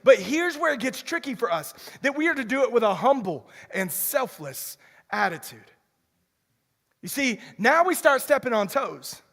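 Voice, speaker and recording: High-voiced pastor preaching in a church hall. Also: male voice, normal speed. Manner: animated preaching, repeats words as he restarts. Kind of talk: sermon. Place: church sanctuary. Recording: long reverb of a church hall.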